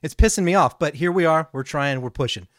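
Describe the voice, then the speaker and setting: A man co-hosting a podcast, talking in a casual, excitable way and swearing freely. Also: a little high, fairly quick, no echo, studio quality. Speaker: podcast co-host. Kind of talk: casual chat.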